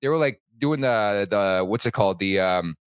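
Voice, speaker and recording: A man's voice: lowish voice, animated, normal speed, clean tone, dry recording. Casual man on a dry podcast mic. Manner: loose, leans on "like", swears casually. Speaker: podcast host. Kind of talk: casual sports chat.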